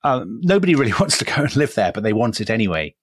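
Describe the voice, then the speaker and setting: A man's voice: on the low side, very animated, quick pace, husky, no room sound. An English man co-hosting a history podcast, telling a story in a chatty, self-deprecating way with many asides. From England. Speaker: podcast co-host.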